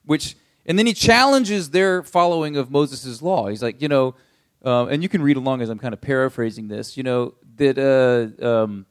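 A man's voice: mid-range voice, moderate pace. A young adult man pastor teaching a Bible passage in a casual, conversational way, paraphrasing with many fillers.

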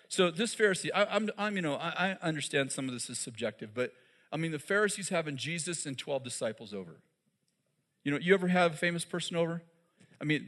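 High-voiced man preaching conversationally. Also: a bit bright. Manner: conversational, asks the audience questions; many fillers and restarts, laughs at his own jokes. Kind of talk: sermon.

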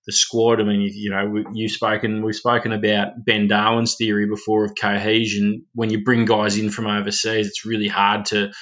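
Australian man, rugby podcast co-host, casual chat, bright clear voice, dry sarcasm. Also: fairly low pitch, monotone, moderate pace, few pauses. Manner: laid-back, sarcastic banter.

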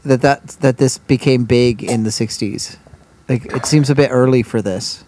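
A man's voice: medium pitch, normal speed, a little mellow. A man co-hosting a casual podcast who talks in a loose, joking way, with some swearing. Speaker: podcast co-host. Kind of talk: casual chat.

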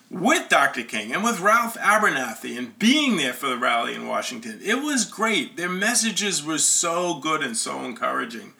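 Earnest male storyteller, slightly high voice with a sharp, forceful edge. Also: gravelly. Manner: earnest, conversational. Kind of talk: first-person storytelling.

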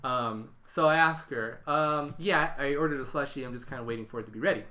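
A man's voice: medium pitch, fairly quick, bright, forceful tone. A young man, co-hosting a casual podcast and animatedly acting out the dialogue in his stories. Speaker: podcast co-host. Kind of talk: casual chat.

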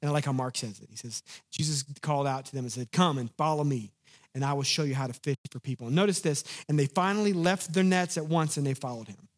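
Male pastor, sermon, animated and conversational, fairly high voice. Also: quick pace. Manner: animated, conversational, acts out quotes.

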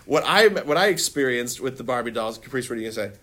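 A man teaching a classroom of children, animated and laughing, calling on students and leading them in call-and-response. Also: medium pitch, fast talker. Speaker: religion teacher.

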